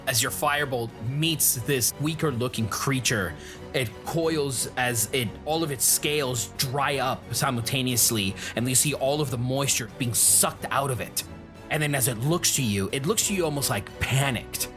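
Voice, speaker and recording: A man's voice: mid-range voice, normal speed, over music. A man running a tabletop game, narrating the action in a casual, descriptive way. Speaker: game master.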